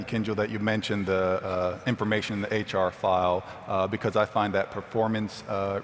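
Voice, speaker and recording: A man from New Jersey moderating a conference panel in a measured way, with many filler sounds. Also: fairly low pitch. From New Jersey, USA. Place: large conference hall. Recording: reverberant hall, faint noise.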